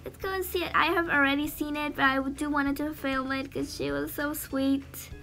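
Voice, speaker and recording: A woman's voice: high-pitched, steady tone, normal speed, vocal fry, pushed and bright, faint music behind. A woman hosting a game reaction vlog, teary and gushing, often trailing off and restarting her sentences. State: teary, near crying. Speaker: gaming channel host.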